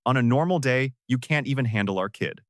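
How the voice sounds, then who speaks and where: A man's voice: mid-range voice, lively intonation, brisk, dry recording, studio quality, lightly acted. Man doing a scornful tycoon president. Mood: mocking. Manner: scornful, then panicked shouting. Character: ruthless male corporate president, arrogant.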